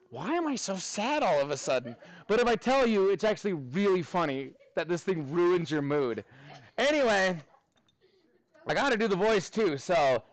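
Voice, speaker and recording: A man's voice: high voice, no room sound. A male math teacher casually telling his class a story in a chatty, self-amused way. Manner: chatty, self-amused, talks straight to students.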